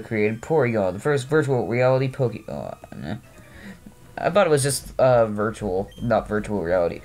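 A man's voice: medium pitch, a little mellow. Rambling, self-mocking man narrating gameplay. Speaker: let's play host. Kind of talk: casual gameplay commentary. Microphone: no webcam, voice recorded over gameplay.

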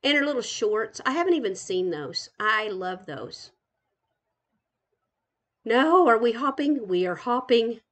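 An older woman, a grandmother, chatting warmly as she tours a game island live, gushing and giggling. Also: fairly high pitch, expressive, measured pace, pauses often. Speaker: gaming channel host. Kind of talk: casual live game tour commentary.

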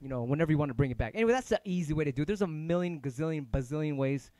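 A man's voice: on the high side, expressive, very fast, warm tone, slight background noise. A middle-aged man teaching turntable scratching in a casual livestream lesson, rambling loosely and swearing offhand. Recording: music playing underneath. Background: turntable music.

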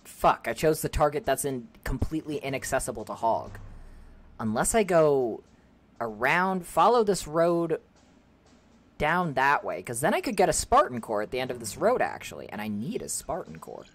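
A woman's voice: rumbling low, sing-song, moderate pace. A woman streaming a game, chatting with her viewers, joking and laughing often. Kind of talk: casual gaming stream commentary.

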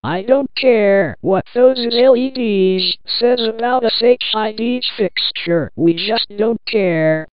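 A woman's voice: fairly high pitch, takes it slowly, hardly any pauses, clean tone, dry recording. A synthetic woman's voice playing a boastful, threatening lamp fixture, in a dull lo-fi recording. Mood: defiant. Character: proud lamp fixture, newly found brother.

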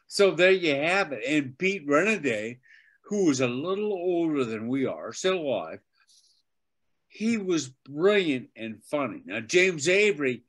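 An older man, a veteran voice actor and teacher, telling animated anecdotes as an interview guest. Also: a little high, a little slow. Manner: animated anecdotes, acts out quotes. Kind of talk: casual interview storytelling.

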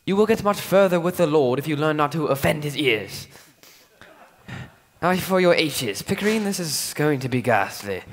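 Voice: mid-range voice, lively intonation, normal speed, slight background noise, close to an everyday voice. A fussy, exasperated male professor, played by a performer in a school stage musical. His lecturing voice swoops up and down as he drills his pupil over and over. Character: Professor Higgins, a fussy, impatient male phonetics professor. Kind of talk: live stage musical acting.

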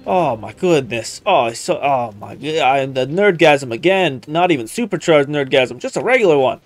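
A man's voice: medium pitch, animated, moderate pace, faint music behind. A man streaming a video game, chatting casually and exclaiming at what happens, in a playful put-on country accent. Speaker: gaming streamer. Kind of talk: casual let's-play commentary.

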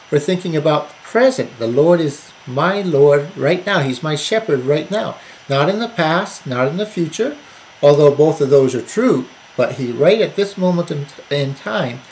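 A man giving a recorded Bible study lesson, earnest and measured, repeating phrases with shifting emphasis. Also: on the high side, slight background noise, rough recording. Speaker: Bible teacher.

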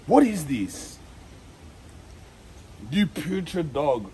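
A young man vlogging a food challenge in a loud, slangy way, full of exaggerated disgust. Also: fairly high pitch, animated, takes it slowly, slight background noise. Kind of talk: casual vlog.

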